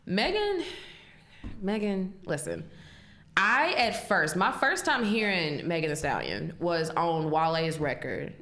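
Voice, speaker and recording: A woman's voice: sits low, expressive, a little slow, fairly bright tone. A woman hosting a podcast, chatting casually and animatedly, laughing often and cursing freely. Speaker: podcast host. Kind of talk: casual chat. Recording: echoey room.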